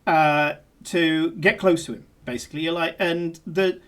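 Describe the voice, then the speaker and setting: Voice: mid-range voice, fairly even intonation, unhurried. A game master narrating a tabletop game in a playful, laughing way, with frequent ums and restarts.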